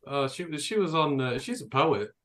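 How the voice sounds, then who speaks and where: A British man co-hosting a casual podcast, excitable and rambling. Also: a little high, moderate pace. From England. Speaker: podcast co-host. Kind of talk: casual chat.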